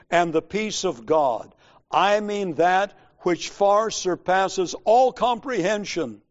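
A man preaching a sermon in a slow, measured, emphatic way, pausing deliberately between phrases. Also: a little high, muffled recording.

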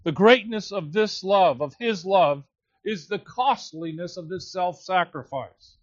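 A man delivers an expository sermon at a deliberate, unhurried pace, leaning hard on key words. His voice sits high for a man. The recording is dry and a little muffled. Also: no room sound. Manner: slow, emphatic preaching with drawn-out key words. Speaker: pastor. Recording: slightly dull, lo-fi sound.

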